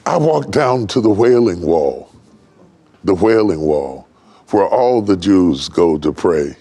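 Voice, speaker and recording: Older man, pastor, from West Virginia, sermon, very deep voice, husky, builds to shouts. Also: animated. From West Virginia, United States. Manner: builds from low, slow delivery to high, ringing shouts.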